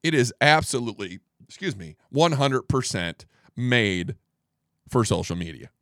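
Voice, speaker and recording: A man hosting a podcast, giving political commentary in an incredulous, animated way and repeating words for emphasis. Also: mid-range voice, a little slow, dry recording, studio quality. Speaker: podcast host.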